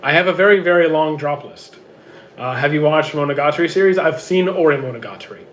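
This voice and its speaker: A man with a hoarse, worn-out voice reads out viewer questions and answers them offhand in casual livestream chat from home. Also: on the high side, a little fast, slight background noise. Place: home with roommates.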